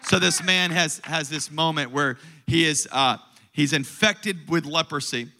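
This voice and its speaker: A man preaching a sermon to his church and online viewers, swinging between loud declarations and quiet asides. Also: fairly high pitch, unhurried, vocal fry, background noise. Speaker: pastor.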